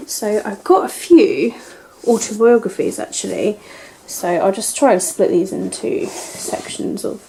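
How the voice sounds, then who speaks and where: A young British woman vlogging an unboxing and book haul, gushing and excitable, sometimes dropping to a breathy whisper of delight. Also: medium pitch, a little hiss or hum, low-quality recording.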